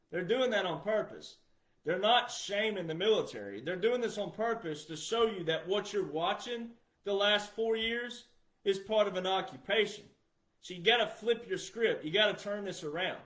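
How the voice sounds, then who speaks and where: A man's voice: high voice, lively intonation, moderate pace, fairly bright tone. A middle-aged man giving an emphatic, repetitive casual monologue straight to his viewers. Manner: emphatic, repetitive, addresses the audience directly. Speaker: commentator. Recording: echoey room.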